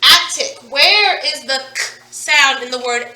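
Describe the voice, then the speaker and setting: High, bright teacher in an echoey room. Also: female voice, lively intonation, distant mic, a little hiss or hum. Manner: slow, drawn-out teacherly prompting. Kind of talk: recorded phonics lesson.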